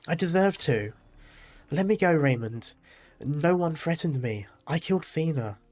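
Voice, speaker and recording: A man's voice: on the high side, expressive, measured pace, a little mellow, soft background music. A man reading aloud the lines of a grief-stricken young winged woman from a game, in a mostly plain, lightly acted voice. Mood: anguished.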